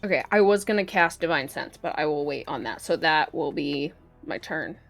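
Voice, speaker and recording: A woman with a fairly low voice plays a tabletop game, asking questions and checking the rules aloud before she settles on her turn. Faint music plays behind her. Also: moderate pace. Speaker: player.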